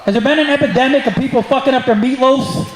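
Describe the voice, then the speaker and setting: A man's voice: very high voice, quick pace, a crowd in the background. A man doing a stand-up set on a club stage, brash and profane as he teases the audience. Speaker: stand-up comedian. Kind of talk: stand-up set with crowd work. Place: comedy club stage before a live audience. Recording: echoey club with audience laughter.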